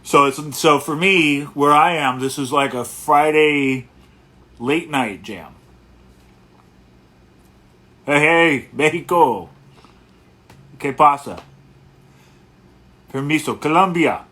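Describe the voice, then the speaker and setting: A man hosting a casual livestream as a guitarist, talking in a relaxed, rambling way and greeting viewers one by one. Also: on the high side, slow pace, pauses often.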